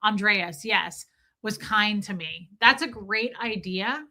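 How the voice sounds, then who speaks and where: A woman hosts a casual livestream, talking straight to her viewers and answering their comments as they come in. Her voice is bright and forward. She speaks in a chatty, emotional way, often restarting her sentences. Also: mid-range voice, slow pace.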